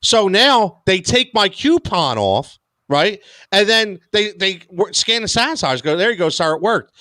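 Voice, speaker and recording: An American man co-hosting a casual podcast, telling stories in an animated, exasperated way. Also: sits high, normal speed, no room sound. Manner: animated storyteller, exasperated rants. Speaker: podcast co-host. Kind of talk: casual sports podcast chat.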